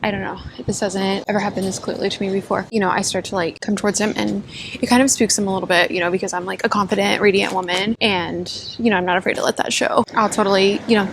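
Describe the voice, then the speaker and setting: A woman's voice: mid-range voice, flat delivery, fast, a little hiss or hum, rough recording. Bubbly young woman telling a silly story. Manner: bubbly, filler-heavy valley-girl chatter. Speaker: comedic storyteller. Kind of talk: casual comedic storytime.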